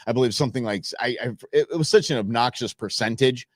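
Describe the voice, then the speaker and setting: A man from the United States hosts a casual show and rambles through viral clips with plenty of fillers and chuckles. His voice sits at an ordinary pitch. The sound is close and dry, with no room around it. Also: quick pace, dry recording. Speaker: show host. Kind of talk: casual commentary on viral videos.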